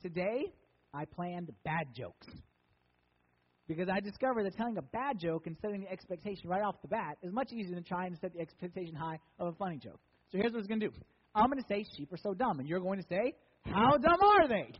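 Husky high-voiced man preaching. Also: expressive, fast, big-room sound, muffled recording. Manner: conversational, joking, emphatic. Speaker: pastor. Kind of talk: sermon.

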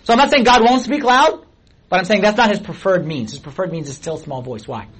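A man's voice: high-pitched, brisk, fairly bright tone, slight background noise, poor audio. A middle-aged man preaching a sermon as a pastor, talking in a conversational way and asking many questions of his listeners.

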